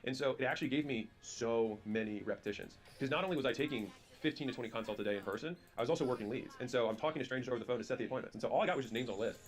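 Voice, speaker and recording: A man giving business advice through stories, acting out both sides of conversations in a casual, animated way. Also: mid-range voice, racing, few pauses, soft background music. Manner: casual, lots of "like" and "right?". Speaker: business speaker. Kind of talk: storytelling advice talk.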